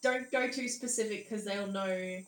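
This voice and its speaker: A woman's voice: medium pitch, moderate pace, fairly bright tone. A young woman co-hosting a podcast in casual chat, giggly and swearing, jumping between jokes. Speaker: podcast co-host. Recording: echoey room.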